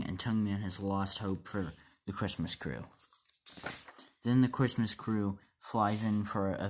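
A man's voice: lowish voice, darkish tone. A man casually narrating an improvised homemade story, rambling and correcting himself as he goes.

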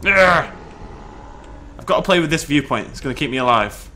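A British man giving excited, chatty commentary on a dinosaur survival game, breaking into laughs and shouts. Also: fairly high pitch, moderate pace. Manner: animated, shouts and laughs in bursts. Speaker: gameplay commentator. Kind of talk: excited let's-play commentary.

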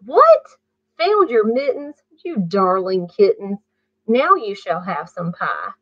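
A woman's voice: medium pitch, big pitch swings, slow, dry recording, dull audio. A woman doing a sing-song mother cat. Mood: delighted. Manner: sing-song storybook scolding. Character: scolding mother cat, warm but strict.

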